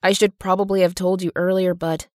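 A woman reading the lines of a nervous, awkward young man in an audiobook, her voice dipped slightly lower. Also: flat delivery, brisk, darkish tone, no echo, clean studio sound, natural voice. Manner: hesitant, mild.

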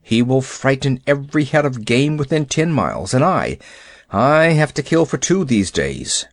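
A man's voice: mid-range voice, big pitch swings, normal speed, dry recording. A man voicing a proud, stern male wolf who speaks stiffly and curtly in a storybook reading. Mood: angry. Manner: stiff, curt, indignant.

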